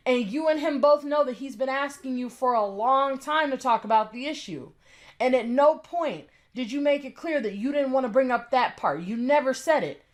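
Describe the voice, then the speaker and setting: Woman ranter, pointed and indignant, slightly high voice, close mic. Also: moderate pace. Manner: blunt, indignant, repetitive emphasis. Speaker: commentary YouTuber. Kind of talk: ranting commentary.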